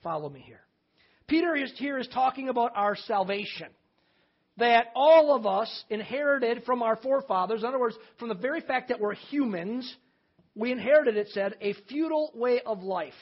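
A man's voice: very high voice, animated, moderate pace. Middle-aged preacher, man, talky and emphatic with homespun jokes; muffled, lo-fi church recording. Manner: conversational, emphatic preaching with folksy humor. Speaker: pastor. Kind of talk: sermon. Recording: slightly dull lo-fi sermon recording.

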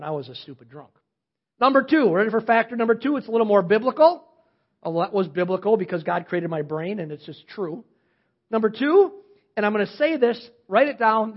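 A middle-aged male pastor in full sermon mode, with a husky, slightly breathy voice, rising into loud questions and dropping into soft confessional asides. The recording is a bit dull and lo-fi. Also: high voice. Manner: animated preaching, swings from loud emphasis to quiet asides.

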